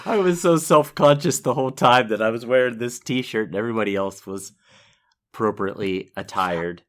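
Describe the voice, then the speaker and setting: A man's voice: mid-range voice, normal speed, fairly bright tone. A middle-aged man co-hosting a podcast, telling a self-deprecating story in casual chat and laughing often. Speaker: podcast co-host.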